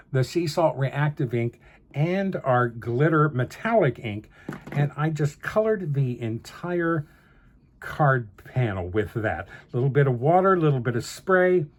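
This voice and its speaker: A man hosting a card-making tutorial, chatting through each step and chuckling between remarks. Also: fairly high pitch. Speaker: card-making channel host. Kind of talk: crafting tutorial narration.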